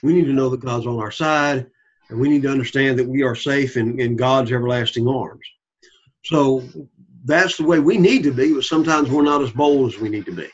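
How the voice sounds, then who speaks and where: Bible teacher, man, husky voice, repeats points, asks "all right?", dull lo-fi recording. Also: mid-range voice, fairly quick. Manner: repeats key points, checks in with the class. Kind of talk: Bible study lecture.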